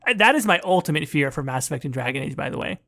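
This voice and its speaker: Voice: mid-range voice, lively intonation, very fast, vocal fry, bright, forceful tone. A podcast co-host in a casual gaming chat, musing aloud with a wry edge.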